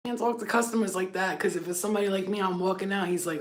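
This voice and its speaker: A woman's voice: medium pitch, fast. A woman of Albanian background hosting a spiritual healing channel, talking to camera in a blunt, profane, rambling way with many fillers. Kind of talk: casual unscripted rant to camera.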